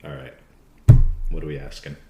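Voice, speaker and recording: A man's voice: a bass voice, little pitch movement, moderate pace, a little mellow, roomy sound, slight background noise. A man speaking as a guest on a casual podcast, answering in terse, clipped remarks.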